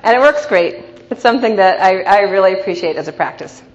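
A woman teaching a class as a coach, telling lively stories and often checking in with "right?". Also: medium pitch, brisk. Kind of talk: storytelling lecture to an audience. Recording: dull recording in a reverberant hall, faint noise.

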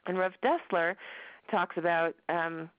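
Woman lecturing, chatty and warm with humor, dull dry audio. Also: fairly low pitch, steady tone, measured pace, clear, resonant tone, no echo. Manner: conversational, with jokes and laughter. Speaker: religion teacher. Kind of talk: class lecture.

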